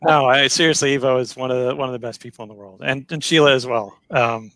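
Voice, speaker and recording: A man hosting a livestream over a video call. He is friendly and joking, and talks in quick bursts. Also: mid-range voice, fairly even intonation, fairly bright tone, dry recording, low-quality recording. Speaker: host. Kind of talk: livestream talk show hosting.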